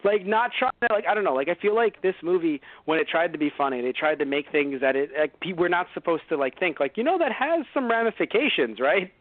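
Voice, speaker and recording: A man co-hosting a casual podcast, talking in an animated, rambling way and swearing a lot. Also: a little high, quick pace, few pauses, no room sound, narrow, tinny audio. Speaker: podcast co-host.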